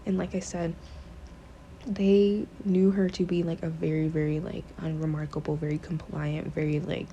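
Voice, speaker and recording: Give me a woman host retelling a book in a loose, swearing, rambling way, with a warm low voice. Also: flat delivery, normal speed, dull audio, slight background noise. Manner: rambling, profane, many fillers. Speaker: podcast host. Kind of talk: casual storytelling, retelling a book.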